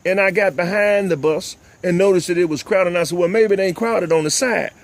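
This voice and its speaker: Fired-up older host. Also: male voice, high-pitched, fairly quick. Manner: preachy, fired-up, repeats "ladies and gentlemen". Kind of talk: impassioned talk-show commentary.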